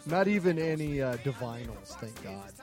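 A man co-hosting a casual comedy podcast, telling jokes and reading out show plugs, swinging from loud to low. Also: big pitch swings, moderate pace, music in the background. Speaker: podcast co-host.

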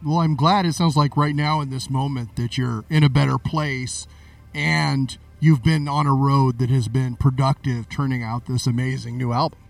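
A man's voice: medium pitch, steady tone, moderate pace, gravelly, recorded from a distance, soft background music. A man co-hosting a podcast, chatty, wry and supportive in casual talk. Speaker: podcast co-host. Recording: voice set back from the mic.

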